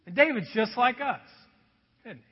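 A man preaching a sermon in a conversational, animated way, acting out voices as he goes. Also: extremely high pitch, normal speed, slightly rough. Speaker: pastor. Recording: dull sound with long hall reverb.

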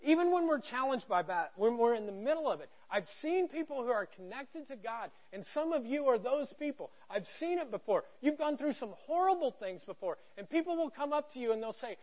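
A middle-aged man preaching a sermon from a church stage, conversational and joking, going from quiet to loud. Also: very high-pitched, very animated, a little fast, few pauses, muffled recording. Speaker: pastor.

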